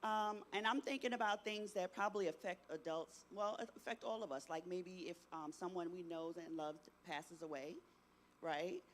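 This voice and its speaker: A middle-aged speaker leads a workshop for teenagers, asking questions of the audience and checking understanding with a steady "right?". The voice sits at a middle pitch, with faint background noise behind it. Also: moderate pace. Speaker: youth workshop presenter. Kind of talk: interactive talk to teens.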